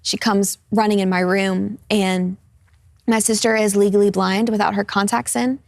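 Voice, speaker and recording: A woman's voice: medium pitch, steady tone, moderate pace, gravelly, no echo, clean studio sound. A woman in her twenties telling a personal testimony as a guest in an interview. She talks earnestly and casually, with lots of fillers. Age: 20s.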